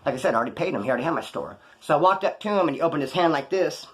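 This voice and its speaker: Fairly high in pitch and very fast, a Californian man rattles off prison stories to the camera. It's slangy and animated, with him playing out the other people's lines.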